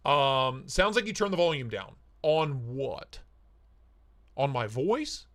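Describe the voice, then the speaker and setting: Bright, lively male livestream host. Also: medium pitch, takes it slowly. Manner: playful, greets chatters by name with jokey shout-outs. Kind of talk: casual live-stream chat.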